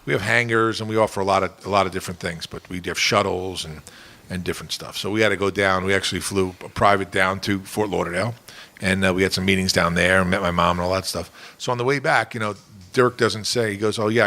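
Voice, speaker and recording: Gravelly-voiced man telling a rambling story. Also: deep voice, fast. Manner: rambling, animated, many fillers and quoted voices. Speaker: podcast regular telling a story. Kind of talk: casual storytelling.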